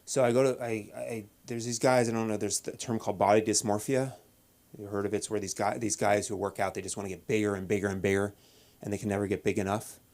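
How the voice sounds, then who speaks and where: A man doing a deadpan stand-up set at an open mic, halting with many restarts and fillers. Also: on the low side. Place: comedy club stage.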